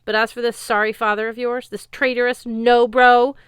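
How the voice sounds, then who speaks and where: A woman voicing a brash, loud male magic sword who yells slangy insults. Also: on the low side, moderate pace, clean tone, no room sound, clean studio sound. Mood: grudging. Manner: yelling, slangy, indignant.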